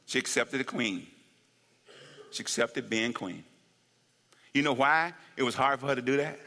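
A man's voice: mid-range voice, moderate pace, vocal fry, big-room sound. A man preaching a humorous sermon, laughing often, whooping and calling for amens. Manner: animated, laughing, shouts of woo, asks for amens. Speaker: pastor.

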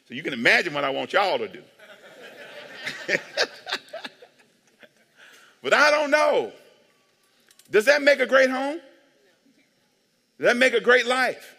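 A high-voiced man preaches with a lively, swooping delivery, teasing his congregation and asking for amens. His bright, forceful voice rings out with a long church reverb trailing behind every line. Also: measured pace, gravelly, long pauses. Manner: animated, joking, calls for amens. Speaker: pastor. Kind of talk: sermon. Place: church sanctuary.

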